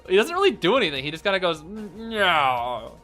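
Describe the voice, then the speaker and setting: Man, casual game commentary, excitable, rambling, fairly high voice, lively pitch. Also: racing, soft background music. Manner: excitable and rambling, many fillers. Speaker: streamer commentating a match.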